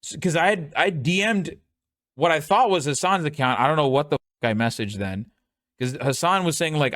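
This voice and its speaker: A male streamer chats casually with his audience in a slightly high voice that sounds close and dry. He is animated and profane, and he rambles from one tangent to the next. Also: normal speed, no room sound.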